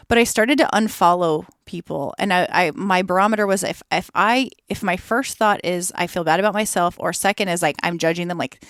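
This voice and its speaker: A woman podcast guest talks candidly, lively and quick to act out her own inner thoughts. Her voice sits on the lower side for a woman. The sound is dry and close, with no room echo. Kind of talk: candid conversational interview.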